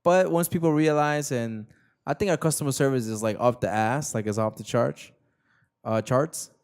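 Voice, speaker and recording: A man's voice: mid-range voice, normal speed, darkish tone, clean tone. A young man hosting a casual podcast chat, rambling and slangy, often repeating himself. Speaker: podcast host.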